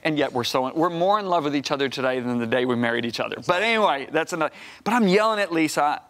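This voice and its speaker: A man's voice: a little high, expressive, quick pace, fairly bright tone. A middle-aged man preaching as a guest on a Christian TV show, telling a personal story energetically, repeating words and acting out conversations. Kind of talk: animated storytelling testimony. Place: TV studio.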